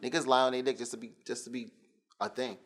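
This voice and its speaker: Brief: male interviewer, mid-pitched voice, laid-back street slang, easy laughs. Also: flat delivery, quick pace. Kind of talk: casual interview chat.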